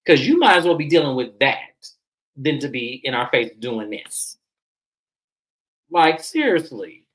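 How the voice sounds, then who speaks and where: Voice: mid-range voice, sing-song, unhurried, fairly bright tone, low-quality recording. A reality TV recap host giving casual, sassy commentary and repeating phrases for emphasis.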